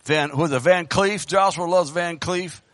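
A man preaching a sermon in church into a microphone, fervent, swinging from loud bursts to hushed pleading. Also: a little high, normal speed, no room sound. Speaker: pastor. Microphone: handheld microphone.

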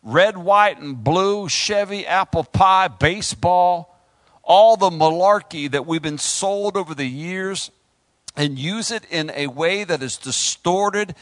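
A man's voice: sits high, takes it slowly, fairly bright tone, no room sound. A man preaching a fervent sermon, calling out to the congregation and swinging his delivery up and down. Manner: fervent call-and-response preaching, rising and falling.

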